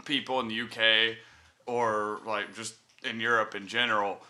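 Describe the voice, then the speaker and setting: A man's voice: fairly low pitch, little pitch movement, normal speed, sharp tone. A man from Alabama telling a story in casual podcast chat, with lots of fillers. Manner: laid-back, chatty storytelling with fillers.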